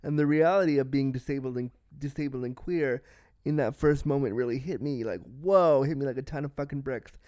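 A man's voice: mid-range voice, a little fast, a little mellow, dry recording. Man, podcast host, candid storytelling, self-deprecating, profane, resonant voice, dry close sound. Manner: acts out the people in his story.

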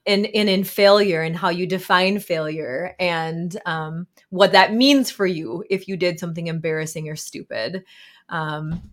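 A woman in her thirties, a therapist and author, talking as a guest in a casual interview, reflective, with frequent fillers and soft laughs. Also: on the low side, unhurried.

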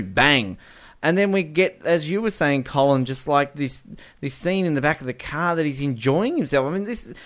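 A man's voice: on the high side, fairly bright tone. Enthusiastic rambling male podcast host. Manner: enthusiastic, rambling with many fillers and restarts. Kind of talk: casual film discussion.

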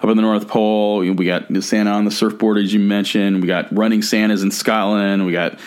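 A man's voice: on the low side, little pitch movement, a little fast. A man from the United States co-hosting a casual travel podcast, rambling with many restarts and fillers. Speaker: podcast co-host. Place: California.

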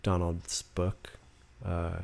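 Brief: low-voiced man, gravelly, rambling casual guest, restarts mid-thought. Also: level tone, extremely slow, a little mellow. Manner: rambling, restarts often, acts out quotes. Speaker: guest songwriter. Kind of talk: casual conversation. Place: in-person podcast studio.

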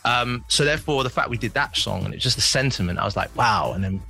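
A man's voice: medium pitch, animated, quick pace, creaky, pushed and bright, soft background music. A male musician guest chatting in an interview, reflective and rambling with many restarts. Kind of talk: casual interview chat.

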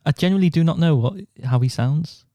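A man co-hosting a casual podcast chat, wry and quick to laugh at himself. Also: fairly high pitch, dark tone. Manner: wry, chuckling, easily amused. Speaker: podcast co-host.

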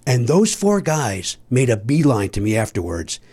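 A man, a comedian guest on a podcast, telling a long anecdote in casual chat. He is animated and profane, and acts out other people's lines. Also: mid-range voice, moderate pace, husky. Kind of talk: casual storytelling.

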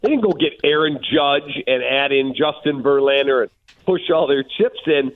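A man's voice: mid-range voice, moderate pace. A man calling in as a guest on a sports radio show, giving emphatic opinions. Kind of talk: phone-in sports talk. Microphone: phone. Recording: phone line.

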